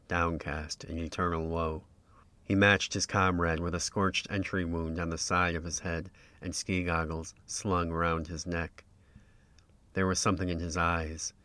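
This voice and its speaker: A man narrates a first-person tale in a very low voice that stays level and unhurried. His tone is bright and clear on top of that depth, with measured, literary phrasing throughout. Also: little pitch movement, no room sound. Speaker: storyteller.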